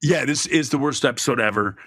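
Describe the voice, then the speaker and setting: Middle-aged man, podcast co-host, bright forceful tone, dry close sound, rambling jokey chat. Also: medium pitch, a little fast, breathy edge, dry recording. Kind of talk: casual chat.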